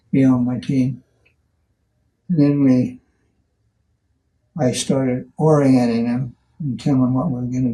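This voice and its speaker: An older man in an interview, telling stories from his career slowly, with many restarts and pauses. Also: mid-range voice, gravelly, warm tone, recorded from a distance, slight background noise, low-quality recording. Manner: slow, halting storyteller with many restarts. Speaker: value engineering pioneer. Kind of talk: recollecting in an interview.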